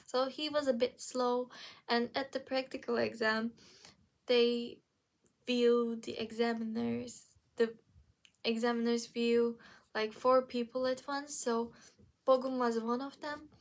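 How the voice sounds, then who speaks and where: Young woman, vlogger, casual chatty recap, gravelly voice, unhurried delivery, lots of fillers. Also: a little high, flat delivery.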